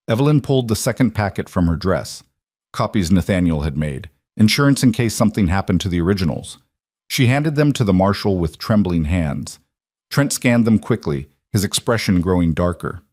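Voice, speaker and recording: A man narrating a western story in a measured, dramatic way. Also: deep voice, lively intonation, darkish tone, no room sound, studio quality. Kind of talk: scripted narration.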